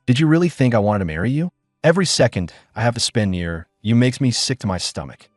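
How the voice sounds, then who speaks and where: A man's voice: mid-range voice, expressive, quick pace, no echo, studio quality, soft background music, natural voice. A man voicing a cold, scornful young wife who talks with sneering contempt. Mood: venomous.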